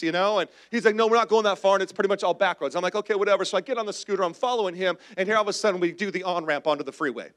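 High-voiced man preaching with humor. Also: lively intonation, fast talker, fairly bright tone. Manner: humorous storytelling with call-and-response to the congregation. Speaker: pastor. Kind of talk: sermon.

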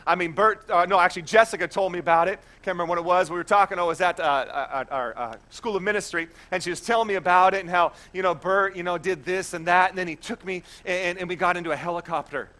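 A man in his thirties preaching a sermon, telling a personal story in a chatty, animated way with many restarts. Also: high voice, quick pace, hardly any pauses. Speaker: pastor.

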